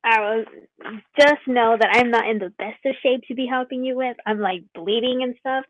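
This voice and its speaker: A woman's voice: on the high side, normal speed, dry recording, highs cut off, natural voice. A woman reading an anxious wounded adventurer, exasperated and pleading, tabletop game. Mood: shaken.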